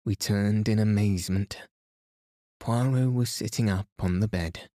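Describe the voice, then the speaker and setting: A man narrating a bedtime story for a sleep podcast in a soft, calm, steady manner. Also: on the low side, measured pace, dry recording, clean studio sound.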